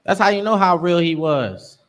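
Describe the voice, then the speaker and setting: A man's voice: high voice, lively intonation, moderate pace, fairly bright tone. Man teaching scripture in street slang. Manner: street-slang, emphatic preaching. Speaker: class instructor.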